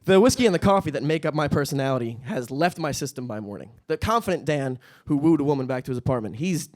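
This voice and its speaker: A young man doing stand-up on a stage with a handheld mic. His voice sits a bit high for a man, and he talks in a dry, deadpan way, then jumps into squeaky, panicky voices when a joke lands. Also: quick pace. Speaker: stand-up comedian. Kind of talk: stand-up comedy set. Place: comedy stage at a live-streamed event.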